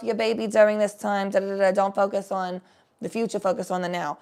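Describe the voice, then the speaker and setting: A woman's voice: mid-range voice, flat delivery, fairly quick, darkish tone, smooth. A woman chatting casually on a live stream, giving a tarot reading in a rambling, swearing way.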